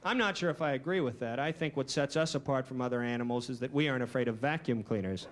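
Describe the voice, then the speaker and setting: A man doing a stand-up comedy routine with a dry, deadpan, self-deprecating delivery. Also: mid-range voice, fast talker. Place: comedy stage before a live audience. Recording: noisy early 1990s VHS recording.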